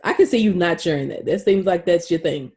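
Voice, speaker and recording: A young adult woman co-hosting a casual podcast chat, telling stories with lots of swearing and lively exclaiming. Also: on the low side, brisk. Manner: profane, animated storytelling. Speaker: podcast co-host.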